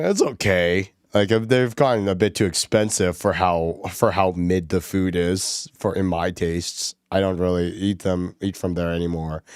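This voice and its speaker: A male streamer with a deep voice chats casually while gaming, giggling often and rambling with lots of filler words. The sound is studio quality with no echo.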